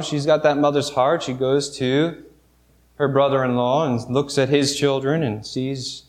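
A man preaching a sermon, retelling a Bible story vividly with halting restarts and soft asides. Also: mid-range voice.

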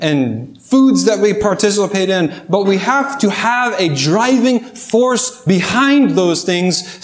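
A man preaching a sermon, telling a fable and then pressing his listeners with rhetorical questions. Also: high-pitched. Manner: storytelling, rhetorical questions to the congregation.

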